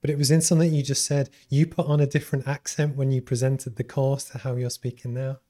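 A man with a Liverpool accent hosts a casual interview, prompting his guest and riffing on her answers. He talks very fast in a dark, mellow voice at a middling pitch. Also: little pitch movement. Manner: rapid, conversational, prompting. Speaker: interview host.

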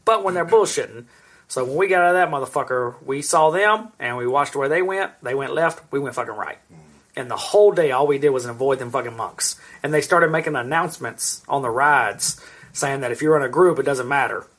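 Husky man telling rambling stories. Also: medium pitch, a little fast, fairly bright tone. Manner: rambling storyteller, swears a lot. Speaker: podcast co-host. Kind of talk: casual chat.

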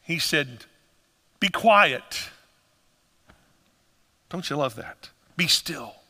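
Animated preacher with a bright, ringing voice. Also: male voice, high voice. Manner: animated, acts out voices of people in the story. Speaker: pastor. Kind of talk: sermon. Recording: long hall reverb.

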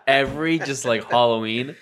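A man guest in a casual podcast chat, recalling a childhood scare in relaxed slangy talk. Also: mid-range voice, moderate pace, slight background noise. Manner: casual, says "dude" and "bro" a lot.

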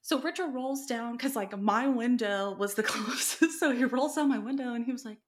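A woman's voice: on the high side, normal speed. A woman co-hosting a podcast, telling stories in casual chat, acting out quoted lines and laughing often. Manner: animated storytelling, acts out quoted dialogue, laughs often. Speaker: podcast co-host.

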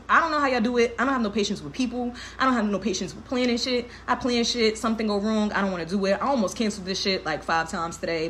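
Candid young woman, higher voice, laughing. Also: fairly bright tone, slight background noise. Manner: candid, emotional, laughs often, heavy slang and swearing. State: tearful. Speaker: livestream host. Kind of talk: casual livestream talk.

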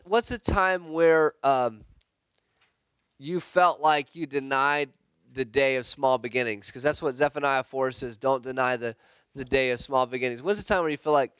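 A man leading a church group discussion, telling a story in an earnest, halting way with restarts. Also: mid-range voice, a bit bright, clean tone, no echo.

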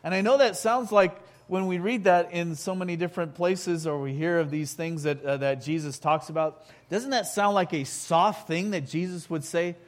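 A man preaching a sermon in a halting way, full of restarts, building to loud emphatic peaks. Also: a little high.

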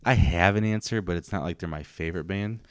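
Deep-voiced man hosting a casual podcast. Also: fast, clean tone, no room sound, clean studio sound. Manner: relaxed, rambling with frequent fillers. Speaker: podcast host. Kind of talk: casual chat.

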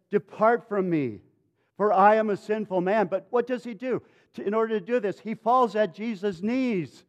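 A man preaching a sermon as pastor, dramatic, swinging between loud and hushed. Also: fairly high pitch, muffled recording.

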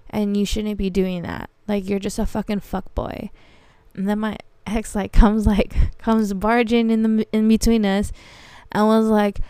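A woman's voice: medium pitch, moderate pace, clean tone, no room sound. A young woman hosting a podcast, casually telling a story with heavy swearing and frequent laughter. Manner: profane, animated, laughs often. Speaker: podcast host.

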